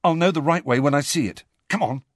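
A man's voice: mid-range voice, big pitch swings, moderate pace, breathy edge, no room sound, clean studio sound. A man doing a tense, determined teenage wizard boy. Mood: forceful. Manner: forceful, hasty.

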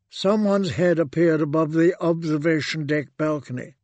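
A man reading an audiobook aloud in a calm, deliberate narrating voice. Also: on the high side, no echo. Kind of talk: scripted narration.

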